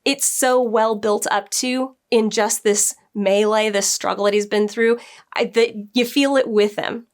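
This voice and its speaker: A woman who works as a book editor, chatting casually through a TV episode review and acting out the characters' lines as she goes. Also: on the high side.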